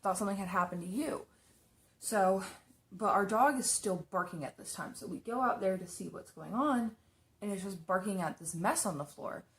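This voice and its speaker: A woman's voice: mid-range voice, animated, moderate pace. A young woman chatting casually as she tells a story while doing her makeup, rambling with lots of fillers and restarts. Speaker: makeup vlogger.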